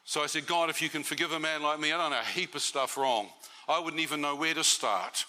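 A man's voice: a little high, a little fast, pushed and bright. A man giving a testimony sermon to a church meeting, conversational and often asking the audience questions.

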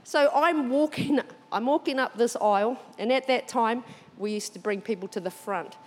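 Female church speaker, high voice, animated testimony, long hall echo. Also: normal speed. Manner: animated, expressive storytelling with frequent laughter. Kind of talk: sermon testimony storytelling. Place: church auditorium.

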